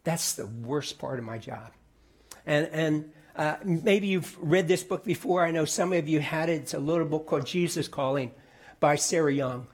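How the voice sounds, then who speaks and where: A middle-aged man preaching a sermon in a conversational way, often repeating words and dropping to soft, quiet tones. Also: a little high, normal speed, slightly rough. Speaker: pastor.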